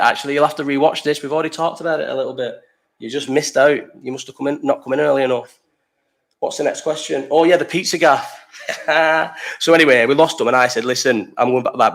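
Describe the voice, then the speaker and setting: A young man with a Liverpool accent hosts a casual livestream chat at a brisk pace. His voice sits at an ordinary pitch. He rambles through stories full of swearing and breaks off to answer the chat. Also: a bit bright. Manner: rambling, sweary storytelling, reads chat aloud. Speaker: livestream host.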